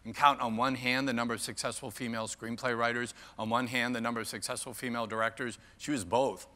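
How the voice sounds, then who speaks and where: A man's voice: mid-range voice, little pitch movement, fast talker, pushed and bright. An older man giving a keynote talk, playful and self-mocking, bantering with the audience by name. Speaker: keynote speaker. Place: large conference hall. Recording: long hall reverb.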